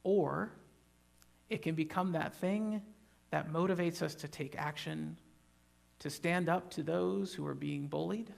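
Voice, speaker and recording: A man preaching a sermon in a church, his voice pitched high with a rough, gravelly edge. He talks emphatically, rising into loud animated bursts and tossing jokes to the congregation. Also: measured pace. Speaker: pastor.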